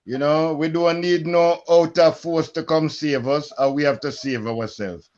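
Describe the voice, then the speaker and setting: A man's voice: fairly high pitch, steady tone, measured pace, a little mellow. Emphatic man on a lo-fi call. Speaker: panel guest.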